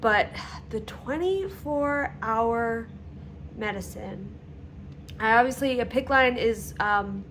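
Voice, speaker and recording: Woman, vlog storytelling, slightly high voice, slow unhurried delivery, halting with fillers, faint background hum. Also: a bit bright. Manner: halting, candid recounting with many fillers. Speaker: vlogger telling her own illness story.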